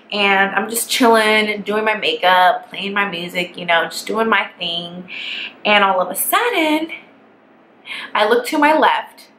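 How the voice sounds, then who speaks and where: A young woman telling a casual storytime vlog, animated and profane, exasperated as she recounts her ordeal. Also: medium pitch. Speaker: vlogger. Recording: echoey room with faint background hiss.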